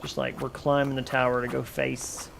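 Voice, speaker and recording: A man's voice: medium pitch, completely flat delivery, normal speed, vocal fry, background noise. A young man streaming a game, chatting casually, rambling and joking back at his chat.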